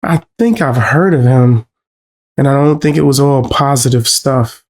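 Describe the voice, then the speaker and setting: A male co-host chimes in with easygoing, conversational remarks, questioning the clips as they play. His voice sits at an ordinary middle pitch. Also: measured pace, darkish tone. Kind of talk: casual reaction chat.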